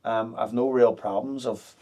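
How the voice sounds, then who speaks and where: A man's voice: medium pitch, fairly even intonation, a little slow, a little mellow. A man in his thirties, a podcast guest talking openly and frankly, with plenty of fillers and restarts. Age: 30s. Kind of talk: candid podcast conversation.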